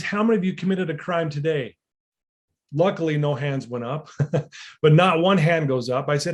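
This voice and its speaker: A man's voice: a little high, a little fast. A man telling a personal story as a motivational speaker, earnest and building to emphatic peaks, with frequent fillers. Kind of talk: storytelling talk to an audience.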